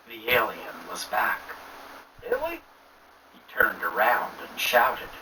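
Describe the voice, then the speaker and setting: A man narrating a first-person horror story in a hushed, often whispering voice. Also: lowish voice. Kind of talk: scripted narration. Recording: distant mic with clear noise.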